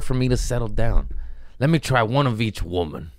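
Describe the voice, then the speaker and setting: A man's voice: fairly low pitch, lively intonation, moderate pace, dry recording, studio quality. A man hosting a podcast in casual chat, rambling and profane, mocking himself and laughing often. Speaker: podcast host.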